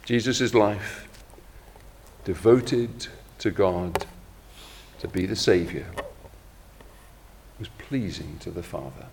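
A middle-aged man preaching a sermon in a measured, reflective way, slowing down when he quotes scripture. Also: low-pitched, gravelly, a little mellow, in a large hall, slight background noise.

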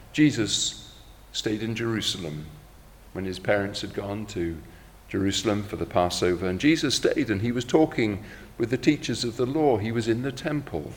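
A middle-aged man preaching a sermon in a measured, reflective way, slowing down when he quotes scripture. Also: on the low side, in a large hall.

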